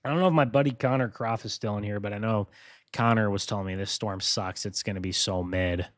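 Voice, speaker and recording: A man hosting a live weather briefing, talking casually and excitedly to his viewers. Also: fairly low pitch, brisk, no room sound, studio quality. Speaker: weather streamer.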